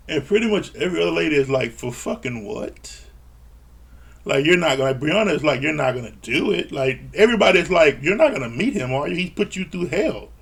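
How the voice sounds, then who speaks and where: A man's voice: on the high side, gravelly, breathy edge. A man recapping a reality TV episode in a blunt, exasperated rant, swearing freely. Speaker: reality TV reviewer. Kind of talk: casual ranting recap.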